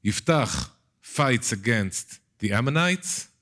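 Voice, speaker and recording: A man's voice: medium pitch, sing-song, slow pace, fairly bright tone. A man with an Israeli accent, a native Hebrew speaker, teaching a Bible class in a casual lecture style, often repeating words and putting questions to his listeners.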